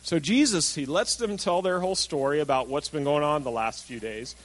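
Pastor, male, somewhat high voice, storytelling sermon delivery, acts out quoted lines. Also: moderate pace, poor audio.

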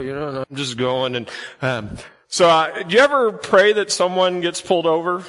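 A pastor preaches to his church in a bright, forceful voice that sits a little high for a man. His sermon is chatty storytelling, full of questions put to the congregation. A long hall reverb trails every phrase. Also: lively intonation, normal speed. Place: church sanctuary.

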